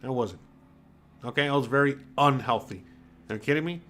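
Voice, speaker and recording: He's an American in his forties running his own show, going through chat comments in a relaxed livestream. His voice is mid-range and a little fast, and his manner is blunt and foul-mouthed, animated with fillers like "all right?"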